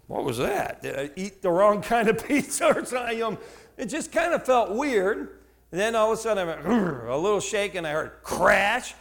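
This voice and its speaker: Animated high-voiced male preacher. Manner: animated storyteller, shouts for emphasis, asks the audience questions. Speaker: pastor. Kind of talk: sermon storytelling. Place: church before a congregation.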